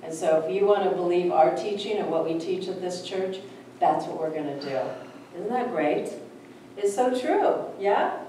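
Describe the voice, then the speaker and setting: A woman's voice: on the low side, animated, moderate pace, warm tone. A middle-aged woman speaks as a spiritual teacher, sharing a story with her listeners in a loose, heartfelt way, full of "you know"s. Her voice carries a heavy echo, caught from a distance across the room with a faint hum behind it. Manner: conversational, earnest, many "you know" fillers. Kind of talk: informal sermon-style storytelling to a small audience. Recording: echoey room, mic far off, faint noise.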